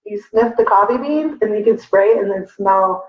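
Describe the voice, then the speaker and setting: A woman's voice: medium pitch, moderate pace, recorded from a distance. A young woman co-hosting a casual wine tasting livestream, upbeat and casual, often saying "like". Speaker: co-host, daughter. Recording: echoey room, dull lo-fi sound.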